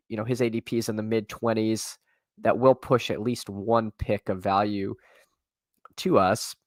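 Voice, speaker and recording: A man on a live stream who rambles through his draft picks in a relaxed, chatty way. He stops and restarts his sentences often and talks straight to his viewers. His voice is slightly worn, and it sounds close and dry, with no room echo. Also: medium pitch. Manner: rambling, many restarts and fillers, talks to chat. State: voice tiring. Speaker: streamer and fantasy football drafter. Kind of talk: casual live-stream commentary.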